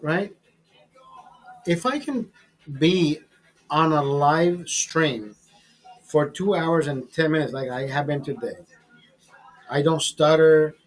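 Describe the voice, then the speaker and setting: Tipsy male livestream host, husky, foul-mouthed and cocky. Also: on the high side, slow, pauses often, low-quality recording. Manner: crude, boastful, swearing constantly. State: tipsy from drinking. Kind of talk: casual profane rant.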